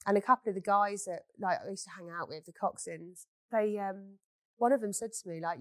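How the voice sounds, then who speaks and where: A woman's voice: medium pitch, brisk, fairly bright tone, dry recording. A woman, a beauty business owner, telling stories in a candid chat and swearing freely. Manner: blunt, swears freely, storytelling.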